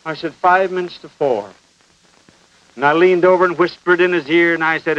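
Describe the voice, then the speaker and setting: High-voiced fiery preacher on an old broadcast. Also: male voice, fairly even intonation, moderate pace. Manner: emphatic, swooping from loud exhortation to hushed pleading. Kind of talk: fiery sermon. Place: broadcast studio. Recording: dull lo-fi 1950 broadcast with faint hiss.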